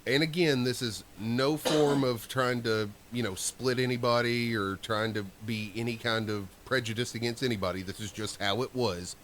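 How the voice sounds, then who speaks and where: A man's voice: medium pitch, moderate pace, few pauses, background noise. A man co-hosting a podcast, telling stories in loose, profane casual chat. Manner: animated, acts out voices in his stories. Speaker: podcast co-host.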